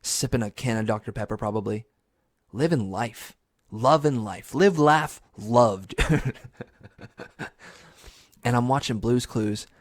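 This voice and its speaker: A young man hosting his own podcast, telling a funny story solo in a loose, profane way, now and then jumping into high yelps. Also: a little slow, pauses often, dry recording, studio quality. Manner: animated, swears a lot, jumps into high squeaky yells for emphasis. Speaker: podcast host.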